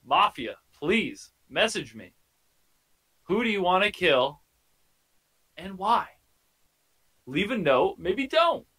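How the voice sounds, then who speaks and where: A man running a social deduction game over a video call, hamming up his announcements with a playful, theatrical flair. His voice sits a little high and rings bright and forceful. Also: very animated, slow, pauses often, slightly rough, low-quality recording. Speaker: game moderator.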